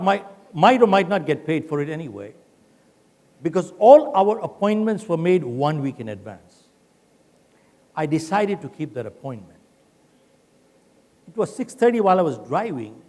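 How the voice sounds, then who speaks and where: An older man giving a motivational keynote speech, telling a story with acted quotes. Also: high voice. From India. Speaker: keynote speaker. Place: large conference hall. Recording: long hall reverb.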